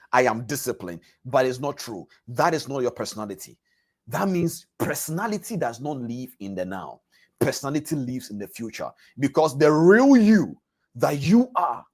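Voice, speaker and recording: A man's voice: fairly high pitch, slightly rough. Emphatic man teaching a live masterclass. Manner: emphatic, repeats words and phrases for emphasis; addresses listeners directly with questions. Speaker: trading coach. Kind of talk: live online masterclass lecture.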